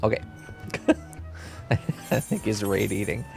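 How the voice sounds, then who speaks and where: A man casually chatting while streaming a game, relaxed and chatty, with occasional swearing. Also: lowish voice, takes it slowly, gravelly, faint music behind. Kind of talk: casual let's-play chat.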